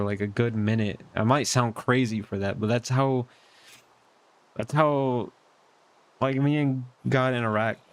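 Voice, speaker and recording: A young man sharing a casual personal update from his bedroom at home, in an earnest, reflective way that rambles with many fillers. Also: mid-range voice. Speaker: vlogger.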